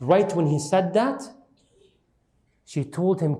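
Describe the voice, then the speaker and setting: High-voiced man telling a story dramatically. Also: slow, dark tone. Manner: engages the audience with questions. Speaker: Islamic lecturer. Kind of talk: storytelling lecture.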